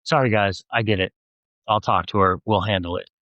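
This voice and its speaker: A man voicing a calm, protective young man. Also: fairly low pitch, a little fast, no echo, muffled recording. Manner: firm and steadying.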